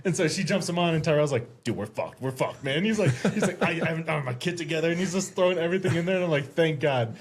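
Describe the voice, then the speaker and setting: A man telling a story on a casual podcast as a guest, animated and profane, acting out what everyone said. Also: on the high side, rapid-fire, hardly any pauses, breathy edge. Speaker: podcast guest, Army veteran.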